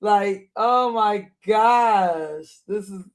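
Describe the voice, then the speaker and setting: An online commentator with a notably high-pitched voice gives reaction commentary in heated, repetitive bursts, circling back to his points with outraged asides and drawing out words.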